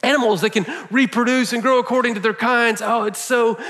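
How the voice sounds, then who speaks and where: A man voicing God as a joyful male creator delighting in his work, exclaiming in a drawn-out, sing-song way. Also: very high-pitched, steady tone, a bit bright, in a large hall, pitched above the performer's own voice. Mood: delighted.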